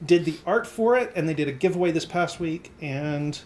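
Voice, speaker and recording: A man's voice: on the high side, lively intonation, normal speed, a little mellow, slight background noise. A man hosting a tabletop game stream, giving loose, rambling announcements full of fillers and restarts. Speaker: game master and host.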